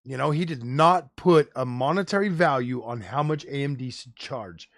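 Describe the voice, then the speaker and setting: A man ranting on a live stream, animated and profane, full of slang like "bro" and "dude.". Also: mid-range voice, normal speed, no echo, clean studio sound. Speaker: tech streamer host. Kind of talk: casual live-stream rant.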